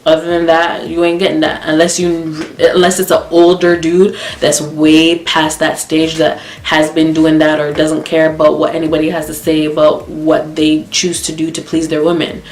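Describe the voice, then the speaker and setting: A young woman from Canada telling a blunt, profane, animated story in a casual storytime vlog. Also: low voice, moderate pace, hardly any pauses. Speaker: vlogger. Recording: echoey room with faint background music.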